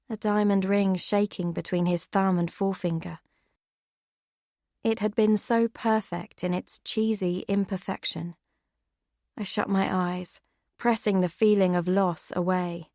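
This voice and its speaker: A woman giving steady, measured first-person audiobook narration. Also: medium pitch, gravelly, no echo, clean studio sound.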